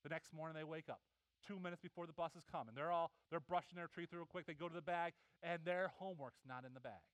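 A middle-aged man preaching a sermon, telling animated family stories and acting out the voices of his kids and wife. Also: fairly high pitch, quick pace, clean tone, no echo, rough recording. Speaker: pastor.

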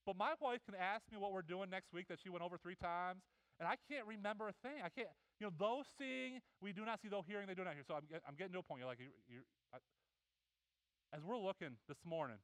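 A middle-aged man preaching a sermon, telling animated family stories and acting out the voices of his kids and wife. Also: sits high, fast, no room sound, rough recording. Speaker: pastor.

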